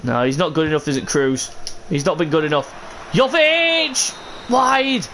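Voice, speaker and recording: A man's voice: fairly high pitch, steady tone, fairly quick, slight background noise. Exasperated man commentating a game. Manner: frustrated, exasperated, bursts into shouts. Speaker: streamer commentating his own game.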